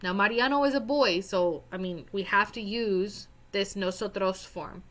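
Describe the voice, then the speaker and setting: A young woman takes students through a worksheet one step at a time, the way a teacher talks over a screen recording. Her pace is slow and deliberate. She is patient and addresses the students directly, sometimes spelling words out letter by letter. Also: medium pitch, a bit bright. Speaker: Spanish teacher. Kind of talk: screen-recorded lesson walkthrough.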